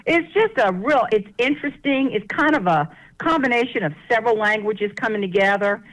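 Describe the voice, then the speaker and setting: A woman's voice: fairly high pitch, fairly quick, a bit bright, low-quality recording. A woman from the American South with a Southern accent, a guest author telling folksy stories on a radio show. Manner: folksy, laughs often, chatty. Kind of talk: casual interview storytelling.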